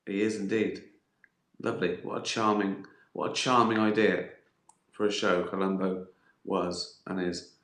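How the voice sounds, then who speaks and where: A man's voice: low-pitched, little pitch movement, unhurried, pauses often, a bit bright. A man hosting a casual livestream and answering viewer questions. He rambles, chuckles often and swears freely as he jokes. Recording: roomy echo.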